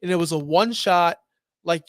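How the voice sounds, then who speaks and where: A man co-hosting a wrestling podcast, opinionated and animated, acting out quotes as he recaps. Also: a little high, moderate pace, dry recording, clean studio sound. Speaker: podcast co-host. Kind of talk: casual wrestling podcast chat.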